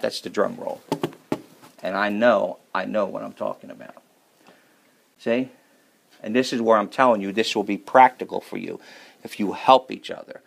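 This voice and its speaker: A man's voice: on the low side, fairly even intonation, normal speed, vocal fry, long pauses, a little hiss or hum. A man preaching a sermon on marriage in a folksy, joking manner.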